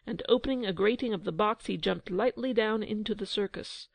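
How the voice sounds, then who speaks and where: Woman narrator for a children's audiobook, expressive, gravelly texture, dry close sound. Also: medium pitch, fairly quick, hardly any pauses, dry recording, narrow, tinny audio. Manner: expressive storytelling. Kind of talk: scripted narration.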